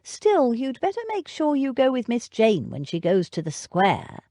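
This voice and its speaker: Woman doing a stiff polite butler guy, slow and quiet, dry close mic. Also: fairly high pitch, wildly swooping pitch, no echo, pitched above the performer's own voice. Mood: thoughtful. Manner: measured, formal, unruffled. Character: proper older male butler, smooth and composed.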